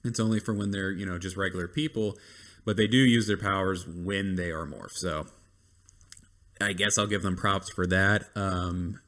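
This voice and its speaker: A man's voice: deep voice, steady tone, moderate pace, fairly bright tone. A man giving a casual review rant, rambling with lots of ums and likes and dry complaints.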